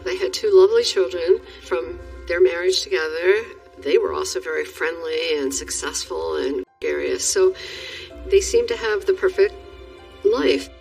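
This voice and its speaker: A woman's voice: on the low side, moderate pace, vocal fry, darkish tone, far from the mic, soft background music, low-quality recording. A woman interviewed about a friend, speaking thoughtfully in a reflective interview.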